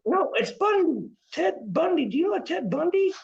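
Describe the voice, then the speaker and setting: A man putting on a shrill gravelly psychic medium. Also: very animated, normal speed, full character voice. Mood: mystical. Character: male psychic medium, breathless and theatrical. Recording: dull lo-fi live stream audio.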